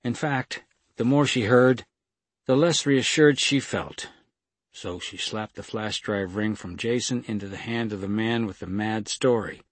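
Male audiobook narrator, measured and steady, husky tone, dry close recording. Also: on the low side, no room sound. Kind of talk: scripted narration.

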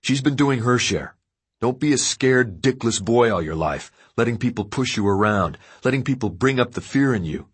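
A man reading an audiobook voices a menacing, drugged-up young man who goads and bullies loudly. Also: medium pitch, lively intonation, moderate pace, breathy edge. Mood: bullying. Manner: loud, bullying goading.

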